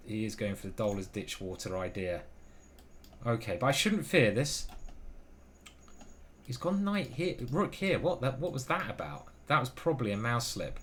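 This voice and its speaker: A man's voice: medium pitch, a bit bright, slight background noise. A man commentating his own online chess games live, chatty and thinking aloud, with casual swearing. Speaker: chess grandmaster streamer.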